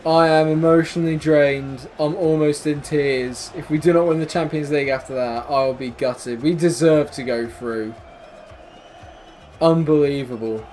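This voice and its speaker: A young man, commenting excitedly on his football video game and shouting at the screen. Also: fairly high pitch, moderate pace, hardly any pauses, soft background music. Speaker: gaming YouTuber.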